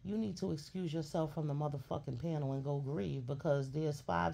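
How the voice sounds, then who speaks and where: Sassy woman ranting, gravelly. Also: sits low, normal speed, dark tone. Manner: blunt, scolding, sassy, heavy cursing. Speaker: commentary streamer. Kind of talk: profane ranting commentary.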